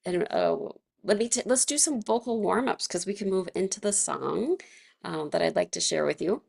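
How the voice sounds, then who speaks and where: A woman's voice: mid-range voice, normal speed, vocal fry, a little mellow. A woman teaching a casual wellness class, chatty and laughing often, with many fillers and restarts. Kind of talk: casual guided class instruction.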